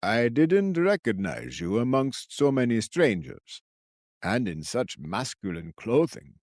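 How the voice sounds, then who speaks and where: A man voicing a quirky old male forest sentry with a cracked, croaking voice, speaking slowly. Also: medium pitch, sing-song, a little mellow, no room sound, studio quality. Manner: slow, quirky, chirpy.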